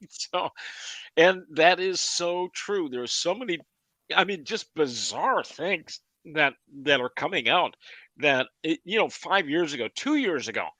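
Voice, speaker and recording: A man's voice: a little high, animated, a little slow, sharp tone, dry recording. A man co-hosting a podcast in casual chat, laughing often and rambling with repeats. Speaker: podcast co-host.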